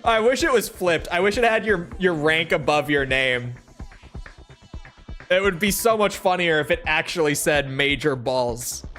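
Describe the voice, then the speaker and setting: A young gaming streamer chats casually with his live chat while he plays, relaxed and rambling, with lots of "like" fillers and the odd swear word. His voice is fairly high and unhurried. Faint music plays behind him.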